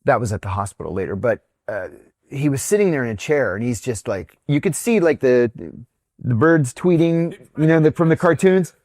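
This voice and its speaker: A man's voice: medium pitch, moderate pace, no room sound. Candid man telling stories in a dry room. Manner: candid, animated anecdote-teller who acts out quotes. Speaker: interview guest, former intelligence officer. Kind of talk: conversational storytelling.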